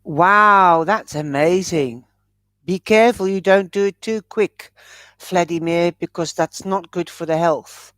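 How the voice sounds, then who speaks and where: A woman's voice: on the low side, a little slow, a bit bright, no room sound. A woman giving a chatty live-stream tarot reading, calling viewers by pet names. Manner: chatty, showers viewers with endearments. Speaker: tarot reader.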